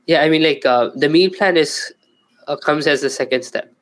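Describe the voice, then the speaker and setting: A man's voice: fairly high pitch, moderate pace, a bit bright, rough recording. A man hosting a podcast, asking questions in a casual way, with lots of "like" and "um". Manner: questioning, hedging with "like" and "um". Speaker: podcast host.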